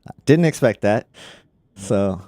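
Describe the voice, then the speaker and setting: A man's voice: on the low side, animated, slow, dark tone, no echo. A man hosting a casual tech livestream, laid-back and laughing often, with lots of "like" in his talk. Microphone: studio microphone.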